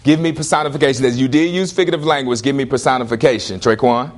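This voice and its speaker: A male teacher leading a classroom lesson, firing questions at students in lively call-and-response. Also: medium pitch, fast talker.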